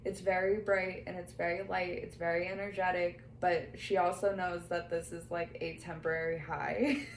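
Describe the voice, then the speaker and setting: A woman's voice: lowish voice, level tone, normal speed. A woman working as a medium who relays what a spirit tells her during a reading, quoting the spirit and breaking into laughter now and then. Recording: echoey room, faint background noise.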